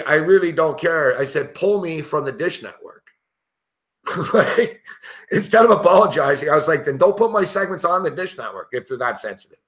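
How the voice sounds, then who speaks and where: A man's voice: a little high, fairly bright tone. A middle-aged man hosting a sports betting show, telling stories in a brash, profane, casual way and laughing often. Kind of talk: casual storytelling chat.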